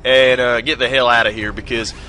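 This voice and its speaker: A man's voice: medium pitch, level tone, a little fast, pushed and bright. A young man commentating a video game, rambling and self-deprecating as he tries out exaggerated joke accents. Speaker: gaming video host. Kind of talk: let's play commentary.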